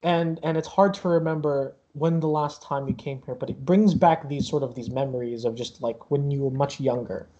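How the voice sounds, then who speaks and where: A man's voice: mid-range voice, fairly even intonation, moderate pace, hardly any pauses, warm tone, highs cut off. A man narrating a tabletop game as game master in a rambling, casual way, stacked with fillers and restarts.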